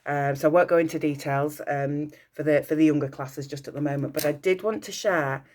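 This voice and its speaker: A woman's voice: low voice, fairly even intonation, a little fast, a little mellow, a little hiss or hum. A woman teacher leading a school assembly, encouraging and praising pupils' work, slipping in short French phrases. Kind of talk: recorded school assembly address.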